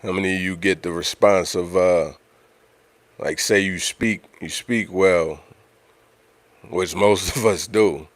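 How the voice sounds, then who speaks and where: Deep voiced guy, chatting loose on his livestream, dry sound, lots of you know what im sayin. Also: fairly even intonation, slow, pauses often, no echo. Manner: conversational, repeats himself, frequent "you know what I'm saying". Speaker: livestream host. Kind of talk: casual livestream talk.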